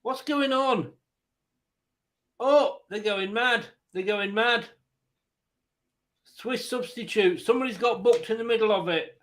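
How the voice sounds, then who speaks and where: A man hosting a football watchalong, giving excitable casual commentary on the match and laughing easily. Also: sits high, normal speed. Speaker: watchalong host.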